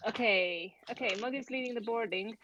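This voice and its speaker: Cast a high-pitched woman as an eager tabletop player, recorded on a dull, muffled mic. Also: fairly quick, background noise. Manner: eager, stumbling over words. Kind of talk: casual tabletop play.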